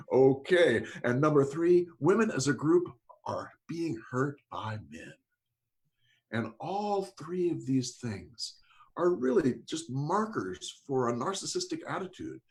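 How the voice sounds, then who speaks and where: A man hosts a casual podcast discussion with a sarcastic, mocking edge. His fairly high voice swoops widely in pitch, and his delivery is animated and expressive. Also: slow. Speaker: podcast host.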